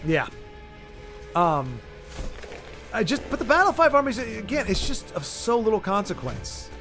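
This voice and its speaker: A man hosting a casual livestream chat, ranting in an animated way and often cutting himself off mid-sentence. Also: high voice, a little slow, faint music behind. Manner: animated, ranting, self-interrupting. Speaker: streamer host.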